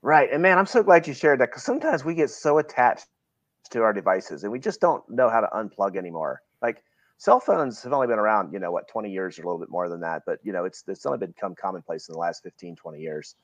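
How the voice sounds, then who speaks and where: A man's voice: lowish voice, very animated, quick pace, dry recording. A middle-aged man from Virginia, a guest talking earnestly and reflectively in a casual interview, often restarting his phrases. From Virginia, USA.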